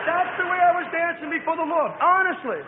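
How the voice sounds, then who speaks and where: Fervent male preacher, rambling, high voice, long-reverb hall, faint hiss. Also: brisk. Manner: rambling, fervent, swings from hushed to shouting. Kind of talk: sermon. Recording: echoey hall on a tinny phone-like line.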